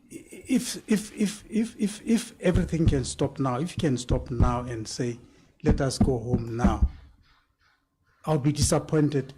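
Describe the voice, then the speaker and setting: A man speaks on a panel at a live event, slowly and deliberately, leaning hard on key words. His voice sits a little high for a man, and he often repeats himself as he builds a point. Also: dark tone, husky. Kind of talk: panel discussion answer.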